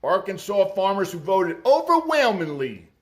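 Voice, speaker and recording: A man's voice: high-pitched, sing-song, moderate pace. A man giving profane political commentary in a sarcastic, mocking way. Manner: sarcastic and mocking, swears freely.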